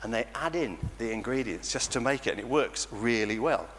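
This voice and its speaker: A man with an English accent leading an all-age church talk for children, animated and playful, often laughing. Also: medium pitch, brisk. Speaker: church leader. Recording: church reverb with faint noise.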